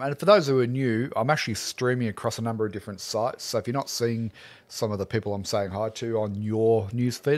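A friendly middle-aged man with an Australian accent, talking casually to his livestream audience. His voice sits at a medium pitch and stays relaxed and chatty, like an art teacher warming up a weekly Q&A. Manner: friendly, greets viewers one by one by name.

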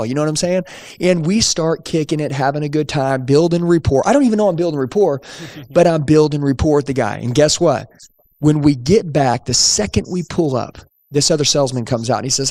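A man in his forties telling a story about his start in car sales, animated and acting out the voices of the people in it. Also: medium pitch, quick pace, dry recording, studio quality. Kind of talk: storytelling to an audience.

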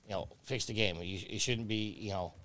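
A man's voice: on the low side, fairly quick, fairly bright tone. A man hosting a game stream, rambling casually through gaming talk and chuckling often. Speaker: streamer host.

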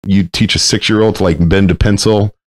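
A man co-hosting a veteran talk show, telling a barracks story in casual chat, animated, swearing and shouting out the lines of the people in his story. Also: on the low side, a little fast, no echo. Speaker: veteran podcast co-host.

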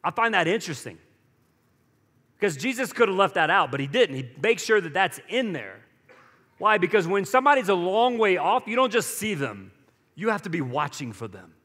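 A pastor preaching a sermon in a conversational way, with joking asides to the congregation. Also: male voice, high-pitched, very animated, normal speed, bright, forceful tone, husky. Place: church auditorium. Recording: long reverb from a large church hall.

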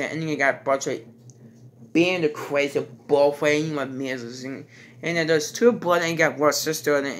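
A man giving a casual, rambling movie review, halting and restarting his sentences and stringing thoughts together with "and then". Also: a little high, fairly bright tone, slight background noise.

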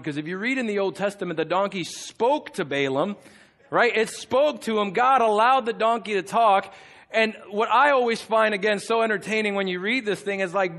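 A male pastor preaching a sermon, with animated and conversational storytelling. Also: high-pitched.

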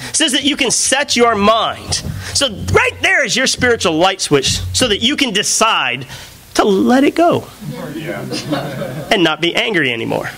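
A man's voice: high voice, a little slow. A man preacher telling a story in a sermon, acting out a phone conversation with a friend, with the congregation heard behind him. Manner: animated, acts out both sides of a phone call. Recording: live church recording with audience. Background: congregation laughing.

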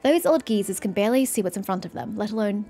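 A woman's voice: mid-range voice, lively intonation, quick pace, dark tone, soft background music, close to an everyday voice. A woman reading the lines of a scornful architect in a video game aloud, in a disdainful, lecturing way. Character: scornful architect who despises old officials.

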